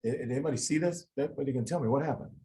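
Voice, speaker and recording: A man teaching a live medical review class, quizzing students and talking through the reasoning in an animated way. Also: medium pitch, poor audio. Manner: animated, quizzes students, quick asides with sudden quiet drops. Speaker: medical board review lecturer.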